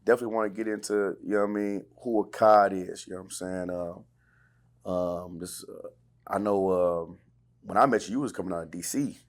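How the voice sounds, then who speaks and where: A man's voice: low-pitched, fairly quick. A man from California hosting a podcast interview in laid-back street slang. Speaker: podcast host. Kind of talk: casual interview chat.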